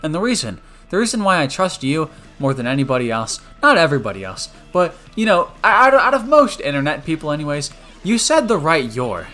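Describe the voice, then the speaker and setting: A young man commentating his own online gameplay on a stream, joking and switching between loud outbursts and quiet mumbles. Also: on the high side, sing-song, fairly quick, soft background music. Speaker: gaming streamer.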